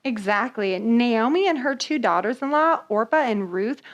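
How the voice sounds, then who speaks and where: A woman's voice: fairly high pitch, expressive, moderate pace, dull audio, natural voice. A woman playing a cheerful field news reporter in a church skit for children, with a chatty mock-newscast delivery.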